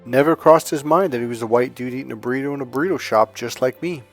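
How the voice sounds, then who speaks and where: Male coach, mid-pitched voice, animated and outspoken, talks casually over faint music. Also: quick pace. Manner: animated storyteller, acts out dialogue, outspoken. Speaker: dating and relationship coach. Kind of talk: casual spiritual monologue to his channel.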